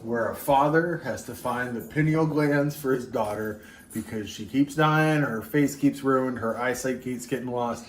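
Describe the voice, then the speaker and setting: A man's voice: medium pitch, measured pace. Male co-host, joking rambler, echoey room with faint noise. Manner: joking, rambling, breaks into silly singing. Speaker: co-host mixing a drink. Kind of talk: casual chat.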